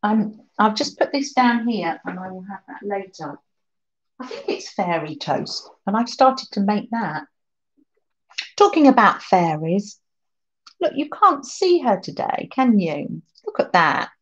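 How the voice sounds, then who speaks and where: A woman's voice: mid-range voice, very animated, measured pace, highs cut off. A woman hosting a craft livestream, chatting casually, reading out viewer comments and laughing often.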